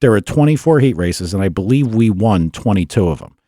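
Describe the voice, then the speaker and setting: A man telling a racing story in a casual podcast chat, animated and laughing often, acting out what people said. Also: on the low side, fairly quick, no echo, clean studio sound. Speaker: podcast co-host.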